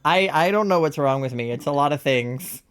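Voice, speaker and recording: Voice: mid-range voice, normal speed, a bit bright, clear, resonant tone. A young adult streamer from Virginia chatting casually during a live gaming stream, rambling, swearing freely and laughing often.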